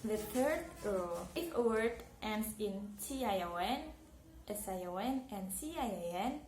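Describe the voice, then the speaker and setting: A woman's voice: medium pitch, lively intonation, unhurried, music in the background. A young Indonesian woman, a university student, gives a careful English pronunciation lesson with an Indonesian accent and repeats example words. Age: young adult. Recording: echoey room with faint noise.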